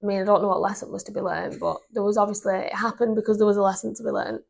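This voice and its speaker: A young woman, co-hosting a podcast and telling a story in an animated, indignant way. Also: mid-range voice, racing, gravelly, slightly rough. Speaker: podcast co-host. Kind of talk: casual chat.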